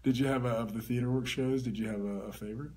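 A man's voice: mid-range voice, steady tone, quick pace, darkish tone, husky. A man hosting an interview in an easygoing, supportive way. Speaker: interview host. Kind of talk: conversational interview.

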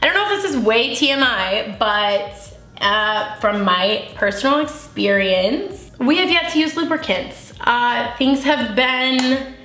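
This woman's voice sits a little high and sounds pushed and bright, expressive but slow. She's a beauty vlogger in her twenties, chatting candidly and emotionally with plenty of giggles while doing her makeup. The recording has an echoey room and faint music.

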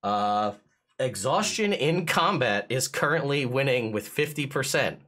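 A man acting as game master for a streamed tabletop game, explaining rules in an excitable, chuckling way. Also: mid-range voice, unhurried.

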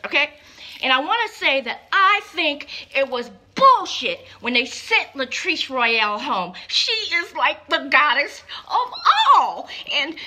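Hoarse middle-aged woman host, campy and playful, high, swooping, bright voice. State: hoarse from a sore throat. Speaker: show host. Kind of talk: casual chat to camera.

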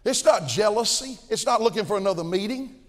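Older guy preaching hard, voice sits high, big hall echo trailing off. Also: expressive, fairly quick. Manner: impassioned, folksy, swings between shouting and low asides. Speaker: pastor. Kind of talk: fiery sermon. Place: large church auditorium at a conference. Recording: long reverb of a big hall.

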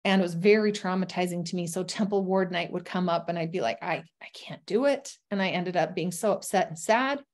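A woman's voice: on the low side, fast, hardly any pauses. A woman telling her own life story as a guest, speaking candidly and earnestly, with frequent ums and restarts. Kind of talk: personal testimony.

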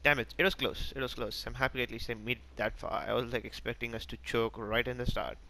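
A man hosting a gaming channel, giving live, excitable and self-mocking commentary as he plays, talking to teammates and enemies. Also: mid-range voice, fairly quick, a little hiss or hum.

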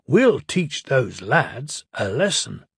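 A man playing a calm, clever engine driver who explains things steadily. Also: mid-range voice, takes it slowly, creaky, breathy edge, no room sound, studio quality, full character voice.

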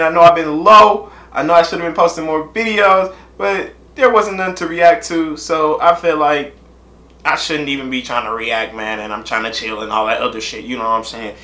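Young male reaction-vlog host, bright voice, loose slangy banter, echoey room. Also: a little high, fairly even intonation, normal speed.

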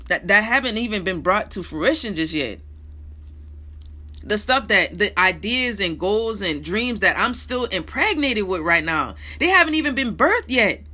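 An animated woman speaks straight to camera in a candid monologue. Her voice is bright and forward, jumping from loud, pointed outbursts to low, hushed asides. She talks in slangy, blunt bursts. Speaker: vlogger.

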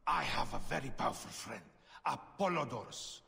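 A theatrical male scholar-poet from a video game, grand and flowery, his bright, gravelly voice swooping high and low. The line rings with a long reverb. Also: expressive, normal speed, full character voice.

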